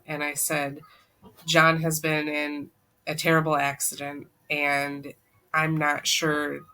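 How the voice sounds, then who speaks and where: Woman on a podcast, bright clear voice, tells her story straight and emotional, acts out what folks said. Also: low-pitched. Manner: earnest, relives events by quoting dialogue; emotional, voice drops soft at hard moments. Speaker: guest, co-author. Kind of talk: personal storytelling in a podcast interview.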